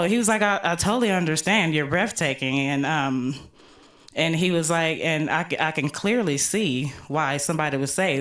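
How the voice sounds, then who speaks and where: A woman doing stand-up, telling a story in a relaxed, rambling way with many ums and you-knows. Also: deep voice, moderate pace. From Colorado, US. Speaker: stand-up comedian. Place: recording studio.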